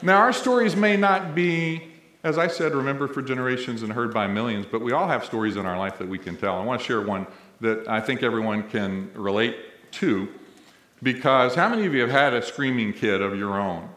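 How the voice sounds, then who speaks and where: A man's voice: mid-range voice, brisk, fairly bright tone, slight background noise. Man telling stories to an echoey hall. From Missouri, US. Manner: humorous, conversational storyteller, playing to the audience. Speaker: college president and emcee. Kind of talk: ceremony speech with storytelling. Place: large indoor event hall.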